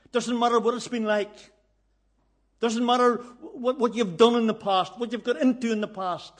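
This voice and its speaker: A man delivers a sermon. He speaks earnestly and often repeats his phrases for emphasis. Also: sits high. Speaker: preacher.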